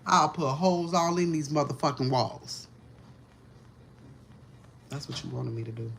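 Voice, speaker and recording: A woman's voice: low-pitched, a little slow, gravelly, a little hiss or hum. A woman doing a live-streamed tarot reading from home, ranting in a profane, agitated way. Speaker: tarot reader.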